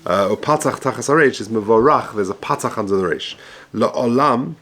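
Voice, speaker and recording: A man's voice: fairly low pitch, expressive, fairly bright tone, a little hiss or hum. Man reading and explaining religious text. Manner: reads Hebrew-Aramaic text then explains in English, measured and halting. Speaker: rabbi teaching halacha. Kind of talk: text study lesson, reading and translating.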